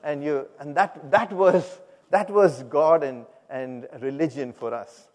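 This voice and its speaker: A man telling his personal testimony to a congregation, animated, acting out the people he quotes and laughing at himself. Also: on the high side, slow. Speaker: speaker giving a personal testimony. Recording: long hall reverb.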